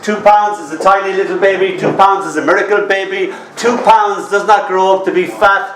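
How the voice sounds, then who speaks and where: A man's voice: high-pitched, fairly even intonation, a little fast, fairly bright tone, a little hiss or hum. Wry Irish man telling comic stories. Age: 50s. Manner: wry, chatty, teasing the audience. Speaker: storyteller. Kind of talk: live comic storytelling. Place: bar. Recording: roomy sound from a distant mic.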